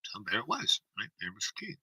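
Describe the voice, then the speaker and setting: A man's voice: on the low side, huge pitch swings, fast talker, pushed and bright, breathy edge, no echo, rough recording. A man telling a personal story in a rambling way, full of asides and "you know, right?".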